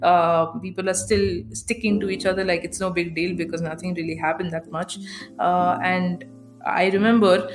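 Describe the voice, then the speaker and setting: A woman's voice: lowish voice, level tone, normal speed, over music. A young woman with an Indian accent, hosting a podcast and telling a story casually, swearing a lot and mixing in Hindi. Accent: Indian English. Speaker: podcast host.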